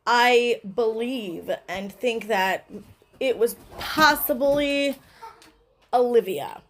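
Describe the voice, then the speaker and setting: A woman's voice: fairly high pitch, animated, drawn-out words, slight background noise, low-quality recording. A woman doing casual commentary on a vlog, blunt and heated, swearing often and checking in with "okay?". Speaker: commentary YouTuber.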